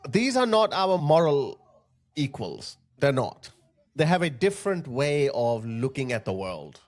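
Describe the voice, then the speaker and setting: A man's voice: mid-range voice, very animated, measured pace. A man hosting a video, giving indignant reaction commentary on clips, with laughing asides. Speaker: YouTube commentator host.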